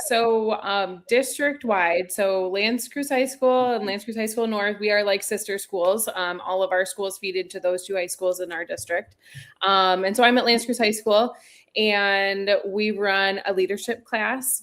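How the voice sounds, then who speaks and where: A woman's voice: medium pitch, steady tone, normal speed, a bit bright. A woman in her thirties, a school counselor, chatting as a guest in a live webinar interview over a video call, laughing easily and restarting her sentences.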